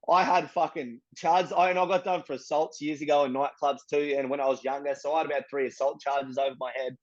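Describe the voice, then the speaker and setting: Profane young Australian man, muffled sound. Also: on the high side. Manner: blunt and profane, street slang, animated retelling. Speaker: interviewee. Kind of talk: casual storytelling.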